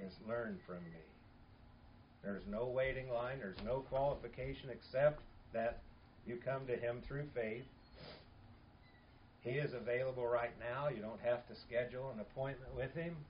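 A man's voice: medium pitch, lo-fi sound, a little hiss or hum. A man preaching a sermon in an earnest, emphatic way, repeating key phrases.

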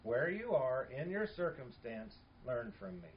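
A man's voice: medium pitch, big pitch swings, a little slow, highs cut off, slight background noise. A man preaching a sermon in an earnest, emphatic way, repeating key phrases.

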